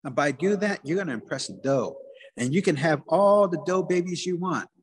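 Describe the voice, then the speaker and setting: A man voicing a kindly male deer who comforts a crying young man in a calm, coaxing way. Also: a little high, normal speed, slightly rough. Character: gentle male buck deer, kindly advisor.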